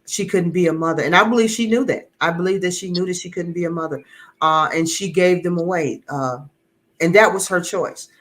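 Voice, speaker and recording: A man's voice: high voice, a little fast, a bit bright. A middle-aged man giving an earnest, emotional personal testimony as an interview guest, often repeating words as he searches for them.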